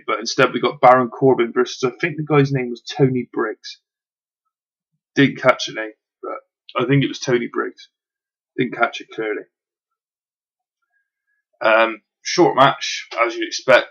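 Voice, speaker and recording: A man's voice: medium pitch, gravelly, pushed and bright, breathy edge, highs cut off. A man reviewing wrestling in casual, chatty speech, full of ums and the odd swear word.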